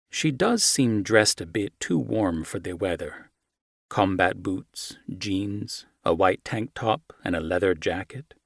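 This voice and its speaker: Low-voiced man reading a romance. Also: gravelly, slightly rough, dry recording, studio quality. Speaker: audiobook narrator. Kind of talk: scripted first-person romance narration.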